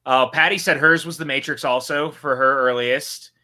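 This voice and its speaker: Casting note: male co-host, very bright and forward voice, easygoing chat that reads the chat aloud. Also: medium pitch, steady tone, normal speed. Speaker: podcast co-host. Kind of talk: casual movie watch-along chat.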